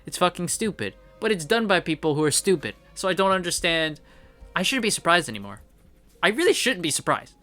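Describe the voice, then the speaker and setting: Bright-voiced man ranting with profanity. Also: sits high, very animated, moderate pace, soft background music. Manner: profane, emphatic, repeats points. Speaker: comic book commentator. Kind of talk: ranting review.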